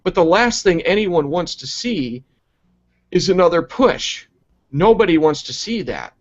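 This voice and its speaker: A man reviewing wrestling in a profane, exasperated rant, sarcastic and quick to mock. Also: high-pitched, expressive. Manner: sarcastic and exasperated, heavy swearing. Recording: dull lo-fi recording.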